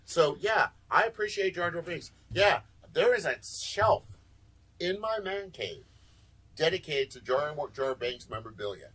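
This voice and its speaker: A man's voice: on the high side, lively intonation, a little slow, a bit bright, low-quality recording. A man hosting a casual podcast, ranting and joking. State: sore back. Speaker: podcast host.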